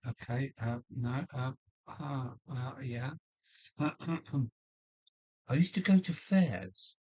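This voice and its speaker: A man with a deep voice hosting a casual live stream from his loft, rambling with many fillers and restarts while chatting with viewers. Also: a little mellow, husky. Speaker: livestream host. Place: home loft.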